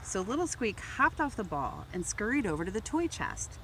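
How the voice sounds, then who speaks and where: A woman volunteer reading a children's picture book aloud, gently narrating and lifting her voice for the toys. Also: mid-range voice, sing-song, normal speed, noisy background. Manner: gentle storytelling, raising voice for toy characters. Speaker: volunteer reader.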